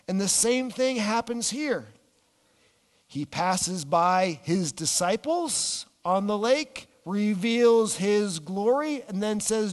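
A man preaching a sermon, animated, dropping his voice low and slowing down on key words. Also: in a large hall. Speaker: pastor.

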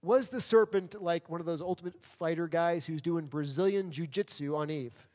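A man's voice: on the high side, moderate pace, darkish tone. A man from New York City preaching a sermon as pastor, firing off rhetorical questions and acting out people's excuses. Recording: long reverb of a large hall.

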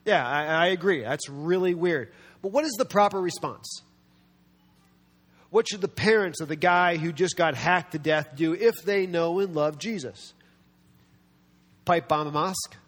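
A man preaching a sermon as a pastor, animated, often acting out the voices of people he quotes, with self-deprecating humor. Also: fairly high pitch. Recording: long reverb of a large hall.

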